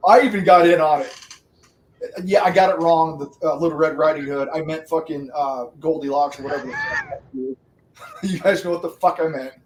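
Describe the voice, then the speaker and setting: This man running a livestream swears constantly, laughs and rambles as he chats with viewers, his fairly high voice swinging wildly in pitch at a slightly fast clip. The audio sounds roomy and distant, and there's a little background noise.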